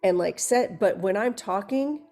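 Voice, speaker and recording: Rambling, animated woman co-host. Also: medium pitch, a little slow. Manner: rambling, animated storytelling with restarts. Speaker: hypnosis practitioner and co-host. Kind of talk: candid chat.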